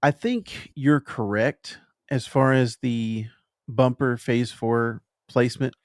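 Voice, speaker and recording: A man hosting a podcast, chatting casually through a film review and pausing thoughtfully to find his words. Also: medium pitch, fairly even intonation, no room sound, clean studio sound. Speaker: podcast host.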